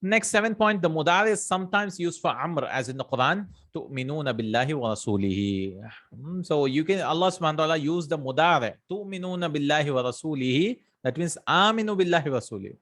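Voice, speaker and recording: A man's voice: a little high, expressive, rapid-fire, a bit bright. A man teaching an Arabic grammar lesson in English, reciting verses and checking in with "right?" and "hmm?" as he explains. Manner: many fillers and self-corrections.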